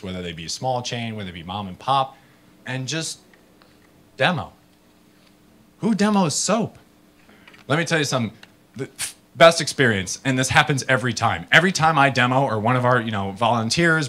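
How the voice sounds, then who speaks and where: A man gives a casual, animated talk to an audience, full of fillers and acted-out voices. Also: mid-range voice. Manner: animated storyteller, acts out people in funny voices. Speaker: startup founder giving a talk.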